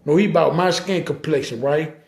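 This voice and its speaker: Male podcast storyteller with a New Orleans accent, gravelly, slightly high-pitched, casual and animated. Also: brisk. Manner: slangy, animated, acts out dialogue. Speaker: podcast guest telling a story.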